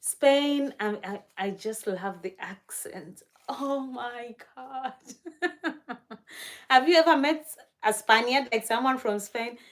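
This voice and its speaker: With a fairly high pitch and a slightly slow delivery with few pauses, a young Kenyan woman hosts a casual livestream. She enthuses about places she wants to travel to, laughs often, and answers viewer comments out loud.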